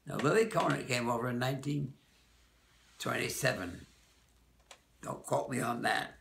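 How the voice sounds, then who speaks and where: An older man, a dance teacher, recalling people from the past in a rambling, halting way, often correcting himself. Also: mid-range voice, gravelly, a bit bright, roomy sound, slight background noise. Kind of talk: oral-history reminiscence.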